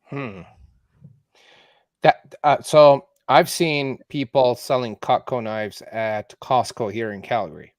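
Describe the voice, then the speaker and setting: A man's voice: mid-range voice, steady tone, takes it slowly, no echo. Man hosting, dry close sound. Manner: thoughtful, rambling questions with restarts. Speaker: podcast host. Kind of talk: interview questions.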